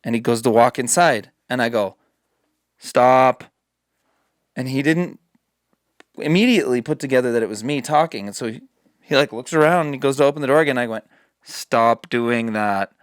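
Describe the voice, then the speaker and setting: A man's voice: mid-range voice, fast, dry recording. A man spins a casual podcast story, cursing freely and acting out every line of dialogue. His voice is close and dry, with no room around it. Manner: animated, swearing, acts out quotes. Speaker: podcast host.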